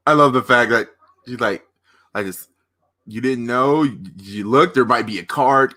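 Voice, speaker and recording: A man hosting a live watch-party stream, reacting with excited, rambling commentary that often breaks off mid-sentence. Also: medium pitch, moderate pace. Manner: restarts and trails off mid-sentence.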